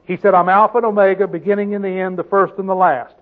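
High-voiced preacher on a tinny line. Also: male voice, little pitch movement. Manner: asks the listeners questions constantly, slows to stress scripture. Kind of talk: sermon, Bible teaching. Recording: tinny phone-like sound.

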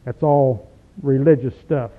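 A man teaching an informal Bible study, reading verses slowly and then explaining them in a folksy, emphatic way. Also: mid-range voice, fairly even intonation. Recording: tinny lo-fi tape recording.

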